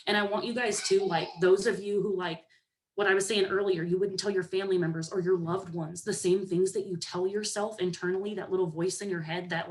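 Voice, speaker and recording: A young woman giving a lively pep talk to her team, sassy and animated, often acting out other people's voices. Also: lowish voice. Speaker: motivational speaker to a sales team.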